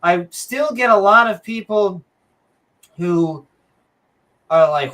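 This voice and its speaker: Slow, bright-voiced joking woman host. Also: mid-range voice, expressive. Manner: joking, rambling, chuckling asides. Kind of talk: casual livestream chat.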